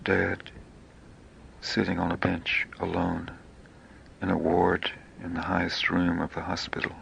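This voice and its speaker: A man reading his own poetic memoir in slow, hushed, half-whispered phrases. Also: low-pitched, completely flat delivery, gravelly, a little hiss or hum.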